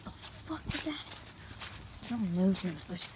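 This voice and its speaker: A woman's voice: medium pitch, animated, normal speed, background noise. Jumpy woman muttering on a forest trail. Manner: jumpy, swears often, mutters half under her breath. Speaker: vlogger. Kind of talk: nervous solo walking vlog. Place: outdoors on a wooded trail. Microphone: phone held in hand.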